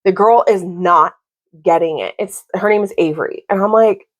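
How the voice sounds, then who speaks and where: A woman in her thirties vents about a book in a casual vlog. Her delivery is animated and exasperated, and she leans on "like" as she talks. Her voice sits at an ordinary middle pitch for a woman. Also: moderate pace, muffled recording. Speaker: book vlogger. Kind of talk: casual book review rant.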